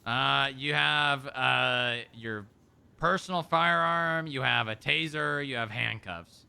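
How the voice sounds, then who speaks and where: Dude narrating the rp scene, gravelly and super sharp sounding, kinda teasing. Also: male voice, mid-range voice, slow pace. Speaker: roleplay scene runner and questioner.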